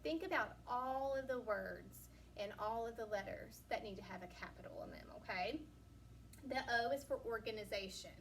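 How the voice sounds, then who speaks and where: A woman teacher giving a recorded lesson to young children, patient and encouraging, asking questions and pausing for answers. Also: mid-range voice. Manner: slow, patient, encouraging, asks questions and pauses. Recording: distant mic, faint room noise.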